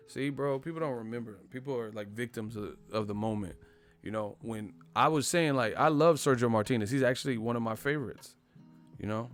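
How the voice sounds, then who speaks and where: A man's voice: medium pitch, brisk, soft background music. A man hosting a boxing channel, ranting in casual live-stream commentary with lots of slang and profanity. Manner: animated, profane, slangy rant.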